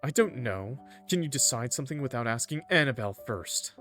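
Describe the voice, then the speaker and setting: A man voicing a bitter, quick-tempered teenage boy in a story game, speaking in a sneering, resentful way. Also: medium pitch, lively intonation, a bit bright, faint music behind, natural voice.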